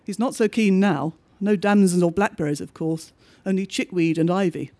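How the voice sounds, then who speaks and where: High-voiced man reading a bleak diary. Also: fairly even intonation, darkish tone. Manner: measured, understated diary reading. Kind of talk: scripted narration of a diary story.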